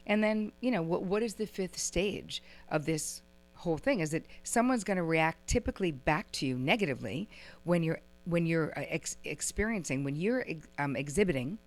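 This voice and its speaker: A middle-aged woman giving a relationship workshop lecture to a live audience, chatty and lively, acting out little quoted exchanges as she explains. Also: deep voice. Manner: chatty, uses "like" and "right?" often. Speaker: relationship teacher.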